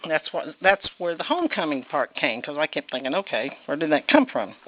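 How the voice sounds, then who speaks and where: A woman's voice: low voice, big pitch swings, fairly quick, lo-fi sound. A woman preaching a casual, folksy sermon, chatty and rambling, with self-deprecating laughs. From Indianapolis, United States. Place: church sanctuary.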